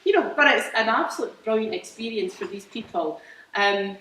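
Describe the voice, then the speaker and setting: A woman's voice: mid-range voice, expressive, normal speed, a bit bright, a little hiss or hum. Chatty Scottish woman in a roomy hall. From Scotland. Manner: chatty and enthusiastic, with many fillers and restarts. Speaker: farmer speaking about her agritourism business. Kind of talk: informal presentation to an audience. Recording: roomy hall, mic at a distance.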